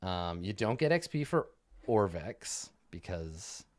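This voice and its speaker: A man running a tabletop game as game master, narrating in a casual, animated way with many fillers. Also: sits low, slow.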